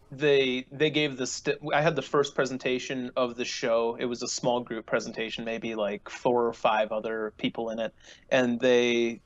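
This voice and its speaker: A man's voice: medium pitch, dull audio. A young man co-hosting a podcast, telling stories in a laid-back, casual way with ums and uhs. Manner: laid-back storytelling with fillers. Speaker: podcast co-host. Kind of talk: casual chat.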